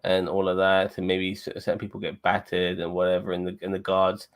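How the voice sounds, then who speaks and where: A man with a somewhat low voice, talking loosely in a casual review chat. He rambles, swears freely and leans on "you know what I mean" between thoughts. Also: completely flat delivery, a little fast. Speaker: podcast co-host.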